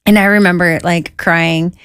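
A woman with a slightly low voice tells her life story as a guest, casual and lively. She keeps slipping into quoted voices to act out what people said, full of "you know" and "I was like". The sound is dry and close. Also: moderate pace, clear, resonant tone, dry recording. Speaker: guest sharing her testimony.

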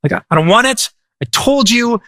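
A man voicing a fed-up ancient male prophet, whiny and sputtering with exasperation, his voice pushed higher than his own. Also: expressive, brisk, pushed and bright, no echo, full character voice. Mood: exasperated.

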